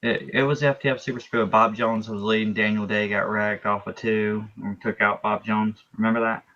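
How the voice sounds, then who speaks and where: A man's voice: lowish voice, level tone, fairly quick, bright, forceful tone, highs cut off. A man talking as a race driver in a post-race interview, explaining his moves at length with restarts and asides.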